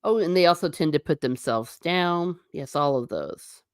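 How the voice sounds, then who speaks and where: Reading viewer comments aloud and answering them, this livestream host is chatty and emphatic, repeating things for effect. Her low, resonant voice is clear and expressive at a normal speed. The studio-quality recording has no room sound.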